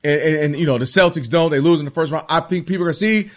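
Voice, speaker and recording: Animated high-voiced man on sports talk. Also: racing. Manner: animated, acts out players' voices in quotes.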